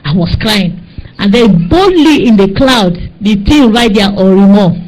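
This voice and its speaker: A woman with a Nigerian accent, preaching with fervor and telling a dream as testimony, pleading and rising to high cries. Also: lively intonation, unhurried, a little mellow, rough recording. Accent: Nigerian English.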